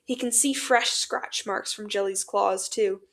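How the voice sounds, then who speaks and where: A woman reading fanfiction aloud as narrator in an expressive, dramatic way. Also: mid-range voice, a little slow, gravelly. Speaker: fanfiction podcast reader.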